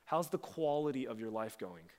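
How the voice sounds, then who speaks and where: A man gives a conversational sermon in a church sanctuary, his mid-pitched voice carrying a long hall reverb. He preaches as a pastor and acts out quoted lines with sudden leaps upward in pitch. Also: animated, normal speed, a little mellow.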